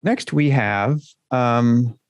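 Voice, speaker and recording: A man's voice: mid-range voice, very slow, dry recording, lo-fi sound. Joking, swearing podcast co-host man. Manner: chatty, joking, swears freely. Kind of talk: casual podcast banter.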